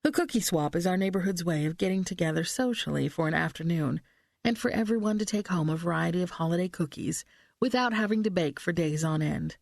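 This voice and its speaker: This is a woman narrating an audiobook mystery in the first person. Her voice sits low and has a gravelly texture, and she reads in a steady, measured way on a close, dry studio mic. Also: no room sound.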